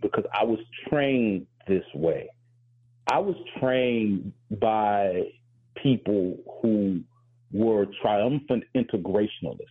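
A man with a low voice talks through his ideas on a talk show, candid and reflective. His tone is husky and he gets wry about himself at times. The audio is narrow and phone-like. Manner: thoughtful, self-deprecating, candid. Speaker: professor and show guest.

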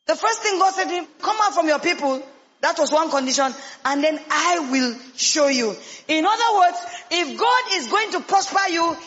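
A man with a Nigerian English accent preaching a sermon with emphatic rhetorical questions and sudden shouted lines. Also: very high voice. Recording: long hall reverb, dull lo-fi sound.

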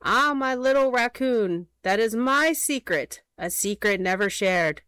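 A woman voicing a sly, greedy little male hedgehog painter with a squeaky voice, in a storybook reading. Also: lively intonation, a little slow, fairly bright tone, clean tone, dry recording. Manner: sly, scheming.

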